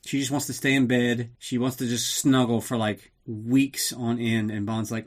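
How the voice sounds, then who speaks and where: A man's voice: mid-range voice, level tone, normal speed. A man hosting a podcast, recapping a film casually in a rambling, sarcastic way with lots of swearing. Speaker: podcast host.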